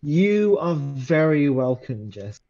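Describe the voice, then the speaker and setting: A man with a mellow tone and a very lively pitch describes his moves in a board game. He talks in a matter-of-fact way. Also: slow pace, muffled recording. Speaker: game player.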